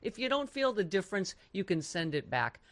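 A woman's voice: medium pitch, big pitch swings, fairly quick, no echo. A woman host reading a sponsor ad in a chatty, upbeat selling manner. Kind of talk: sponsor ad read.

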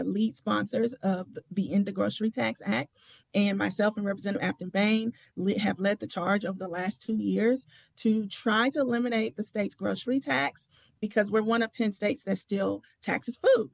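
Woman state senator, very gravelly voice, dry close sound, impassioned. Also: mid-range voice, no echo. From Tennessee. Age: adult with children. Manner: impassioned, emphatic, restarts often. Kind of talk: political interview talk.

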